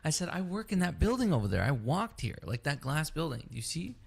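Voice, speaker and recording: A man's voice: fairly high pitch, very animated, brisk, creaky, husky. A man who co-hosts a podcast, telling a story in casual chat. He swears freely and acts out both sides of the story. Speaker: podcast co-host.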